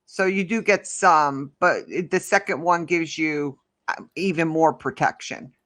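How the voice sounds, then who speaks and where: A woman's voice: low voice, measured pace, fairly bright tone. A woman talking casually to her livestream audience and reading out their comments as she goes. She rambles and restarts, and she turns heated and ranting when something annoys her. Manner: rambling, heated, talks back to the chat. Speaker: livestream host.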